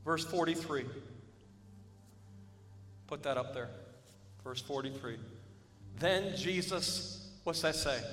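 A man preaching a sermon as pastor, building to shouts and calling on the congregation to respond. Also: mid-range voice, steady tone, unhurried, long pauses. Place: church hall. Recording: echoey hall with music behind.

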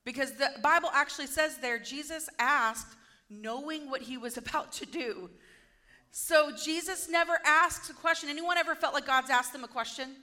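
A woman preaching a casual sermon, retelling a story and acting out the speakers' lines in a lively, conversational way. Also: high-pitched, moderate pace.

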